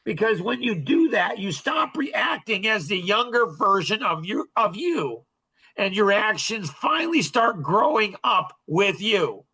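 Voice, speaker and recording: Blunt, high-voiced man lecturing. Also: big pitch swings, measured pace, bright, forceful tone, husky. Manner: blunt, emphatic, scolding. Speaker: coach. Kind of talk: lecturing a group.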